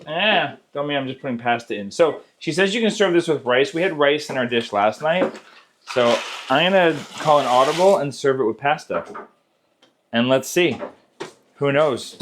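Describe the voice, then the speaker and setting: A man's voice: mid-range voice, background noise. Easygoing man hosting a home cooking show. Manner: easygoing, chatty, instructional. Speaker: cooking channel host. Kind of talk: casual cooking walkthrough. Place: home kitchen.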